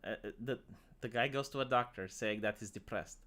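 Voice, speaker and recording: A man's voice: mid-range voice, fairly quick, fairly bright tone. A man with a Romanian accent chatting on a stream, rambling and stammering through restarts. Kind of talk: casual stream banter.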